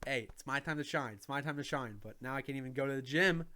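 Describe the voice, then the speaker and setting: Bright-voiced joking young man streaming. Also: mid-range voice, fast talker. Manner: joking, swears freely, thanks donors. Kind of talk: casual chat.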